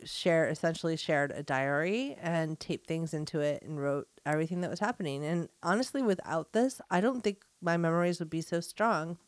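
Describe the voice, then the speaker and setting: Chatty laughing woman, fairly low voice. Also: moderate pace, hardly any pauses, no echo. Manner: chatty, laughing often, mimics voices in anecdotes. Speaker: podcast co-host. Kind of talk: casual chat.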